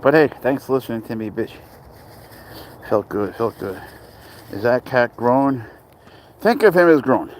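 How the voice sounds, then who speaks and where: A man's voice: medium pitch, expressive, unhurried, long pauses, a little hiss or hum, poor audio. A young man chatting casually on a phone livestream, rambling and crude as he answers viewer comments and talks to his cat outdoors.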